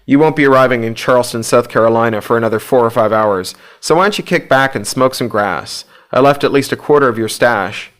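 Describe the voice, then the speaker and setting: A man's voice: medium pitch, brisk, few pauses, fairly bright tone, natural voice. A man voicing a smug prankster friend who teases in a chummy, mocking way.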